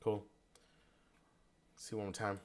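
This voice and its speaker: A man's voice: lowish voice, completely flat delivery, slow. A man giving casual feedback in an online percussion lesson, now and then singing the rhythms on syllables. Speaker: percussion instructor.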